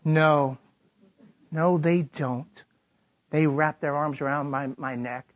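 A man's voice: a little high, fairly even intonation, moderate pace, muffled recording. A middle-aged man preaching a sermon as pastor, retelling scripture dramatically and acting out the voices he quotes.

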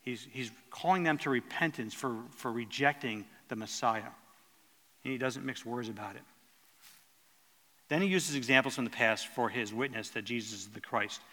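A man's voice: medium pitch, normal speed, sharp tone, big-room sound. A man preaching a sermon in an earnest teaching tone, stumbling and restarting as he explains the verses.

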